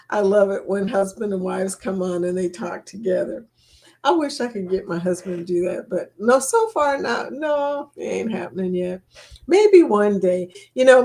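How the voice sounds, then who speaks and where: Woman, livestream host, slow and chatty, giggles a lot. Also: medium pitch, darkish tone. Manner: giggly, laughs often, greets viewers by name. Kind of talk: casual live-stream chat. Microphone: laptop mic.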